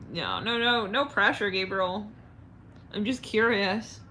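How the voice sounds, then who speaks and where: Woman rambling to her chat on a live stream, slow and giggly, faint hiss behind. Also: mid-range voice, bright, forceful tone. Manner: giggly, chatting with viewers. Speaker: astrology live-stream host.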